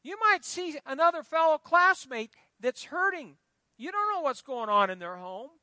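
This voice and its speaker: A man's voice: extremely high pitch, very animated, moderate pace, pushed and bright, no echo. A middle-aged male pastor preaching a sermon with emphasis, prompting the congregation to call out the missing words. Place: church.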